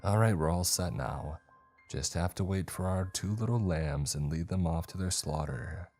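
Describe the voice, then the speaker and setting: A man's voice: deep voice, normal speed, darkish tone. A man voicing a scheming teenage boy, sarcastic and conspiratorial. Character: scheming teenage boy planning a prank ritual. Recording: faint music underneath.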